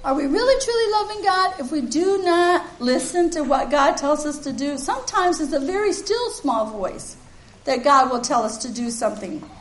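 A woman's voice: sits high, animated, normal speed. A woman preaching a sermon in a church, earnest and emphatic, with the congregation calling back responses. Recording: echoey room.

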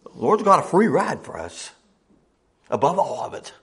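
A middle-aged man preaches a folksy sermon in a husky, sing-song voice at normal speed, pausing often. He quotes scripture in old-fashioned wording and swings between loud highs and low murmurs.

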